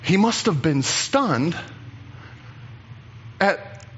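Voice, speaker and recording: A man preaching a sermon as pastor, animated and chatty, acting out the voices of Bible figures. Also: fairly high pitch, extremely slow, lo-fi sound, a little hiss or hum.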